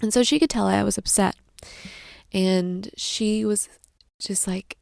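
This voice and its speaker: A young adult woman hosting a casual podcast, rambling and soft-spoken, restarting her sentences often. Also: medium pitch, fairly even intonation, a little slow, creaky, dry recording, clean studio sound. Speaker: podcast host, mother. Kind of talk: casual chat.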